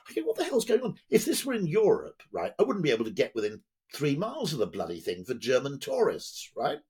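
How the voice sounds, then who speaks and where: An older British man talking in a lively, rambling way as a podcast guest, often checking in with "okay?". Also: medium pitch, a little fast, slightly rough. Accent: British English. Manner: animated, digressive, tags lines with "okay?". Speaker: guest, advertising executive.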